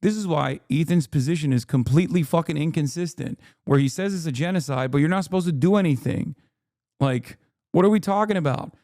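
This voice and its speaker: A man in the middle of a heated livestream rant, swearing and mocking as he goes. His voice is a bit high and worn hoarse from talking. The sound is dry and close to the mic. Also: a little fast, a little mellow, dry recording. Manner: angry, swearing, sarcastic rants. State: losing his voice. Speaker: streamer reacting to a video.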